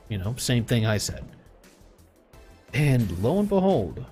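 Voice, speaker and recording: Lively blunt male streamer. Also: mid-range voice, unhurried, pauses often, faint music behind. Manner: blunt, animated, laughs often. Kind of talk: casual storytelling while gaming.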